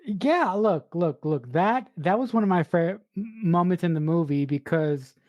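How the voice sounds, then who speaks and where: A woman's voice: fairly low pitch, expressive, normal speed, a little mellow, no echo, muffled recording. A woman co-hosting a casual movie review podcast, emphatic and blunt, restarting and swearing when she gets worked up. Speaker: podcast co-host.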